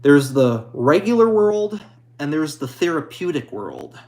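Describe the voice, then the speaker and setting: A man streaming and answering viewer comments in a halting, hesitant way, apologetic and a little anxious. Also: on the high side, very animated, darkish tone. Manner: halting, hesitant, with many restarts; apologetic and modest. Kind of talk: casual live chat.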